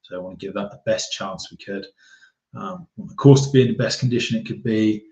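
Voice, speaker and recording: A man's voice: fairly low pitch, a little fast, mellow. A man chatting casually on a live stream as a golf YouTuber, rambling and reading viewer comments aloud. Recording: roomy, dull lo-fi sound.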